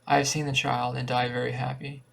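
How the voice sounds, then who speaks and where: Casting: man reading a serene, devout old uncle on his deathbed, quiet and gravelly. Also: medium pitch, flat delivery, a little fast. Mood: tender. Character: dying gentle old uncle, calm, devout.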